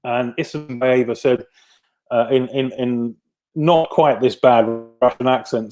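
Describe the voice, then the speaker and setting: A man's voice: mid-range voice, fairly even intonation, measured pace, a little mellow, faint music behind. A man and veteran venue producer telling anecdotes over a video call. He speaks with a self-deprecating humor and frequently uses fillers and restarts his sentences. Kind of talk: casual storytelling interview.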